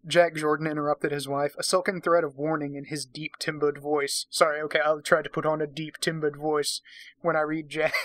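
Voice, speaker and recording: A man's voice: on the high side, little pitch movement, brisk, a bit bright, no echo. A man giving a drunken dramatic reading of a romance novel, breaking off for profane, sarcastic asides. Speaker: reader and commentator.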